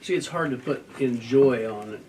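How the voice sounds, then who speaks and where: Older man, measured and slightly distant. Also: medium pitch. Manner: measured, thoughtful, with many fillers. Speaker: retiring municipal judge. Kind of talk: news interview. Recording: distant mic with faint noise.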